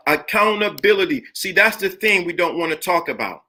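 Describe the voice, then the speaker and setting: A man's voice: high voice, animated, fairly quick, hardly any pauses, bright, forceful tone. A middle-aged man hosting a live motivational talk to viewers, preachy and emphatic, and he repeats lines to drive his point home. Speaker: live stream host.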